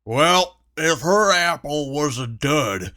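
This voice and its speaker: A man doing a gruff, sneering dwarf. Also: a little high, animated, slow, bright, forceful tone, exaggerated voice. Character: gruff male dwarf, hostile and scheming. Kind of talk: audiobook character voice.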